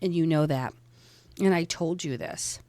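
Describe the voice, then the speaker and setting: A woman voicing a cornered man who answers quickly and defensively. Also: sits low, mellow, no echo.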